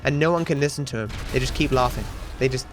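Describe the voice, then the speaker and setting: A man's voice: medium pitch, fast talker, soft background music. A young Australian man in his twenties who chats casually with viewers while speedrunning, rambling and swearing freely. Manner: rambling, sweary, talks to chat. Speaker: streamer and speedrunner. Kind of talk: casual chat while gaming.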